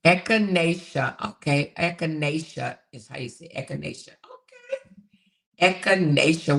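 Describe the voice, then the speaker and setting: A woman's voice: low-pitched, sing-song, normal speed, gravelly, a bit bright. A woman hosting a casual livestream, reading viewer comments aloud in a chatty way, repeating herself and laughing often. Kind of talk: casual live chat.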